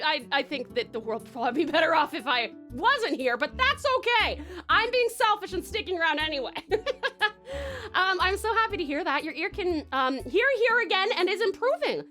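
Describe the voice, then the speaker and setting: Bubbly woman streamer, bright and lively voice, rambling chat with faint music underneath. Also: high-pitched, moderate pace. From Tasmania, Australia. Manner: chatty, rambling, bubbly, frequent giggles. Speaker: VTuber streamer. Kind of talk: late-night livestream chat, reading chat.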